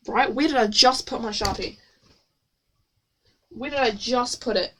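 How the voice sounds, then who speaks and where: A woman streamer reading her own novel aloud, with a bright, rather high voice. She breaks off often for playful, self-mocking asides. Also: measured pace, long pauses, a little hiss or hum.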